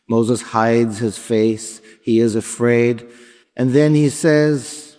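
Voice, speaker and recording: A male rabbi preaches in a mid-pitched voice and carries the story along with pauses and soft dips. His words trail off into the long reverb of a large sanctuary. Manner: reflective, dramatic pauses and shifting volume. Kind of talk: sermon with storytelling. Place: large sanctuary before a congregation.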